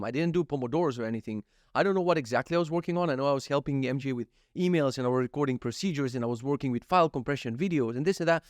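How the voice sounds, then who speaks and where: A man's voice: medium pitch, dry recording, clean studio sound. A man in his thirties casually telling a story about his day, swearing freely and acting out his own thoughts and what others said. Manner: animated, profane, acts out his own thoughts and quotes. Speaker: vlogger.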